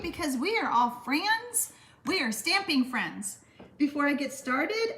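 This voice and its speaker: A woman's voice: on the high side, a bit bright. A woman hosting a stamping craft livestream, chatting casually and giggling as she reads viewer comments.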